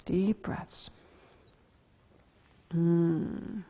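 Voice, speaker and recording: A woman teaching a gentle yoga class, cueing slowly and calmly, humming softly and dropping to near-whispers on breath cues. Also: fairly low pitch, husky, in a large hall. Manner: calm, slow cueing with soft hums and sighs. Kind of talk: guided yoga instruction.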